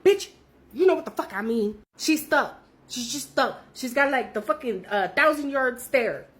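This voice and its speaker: A woman's voice: high voice, lively intonation, moderate pace, a bit bright. A young woman telling her own story in a casual, profane, emphatic way.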